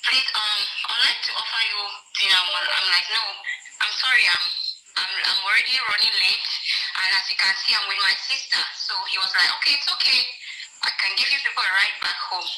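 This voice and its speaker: A woman's voice: medium pitch, moderate pace, pushed and bright, reverberant, a little hiss or hum, low-quality recording. A woman from Cameroon telling a personal story in an interview, often quoting what others said. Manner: recounting, quotes others' words. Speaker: guest telling her story.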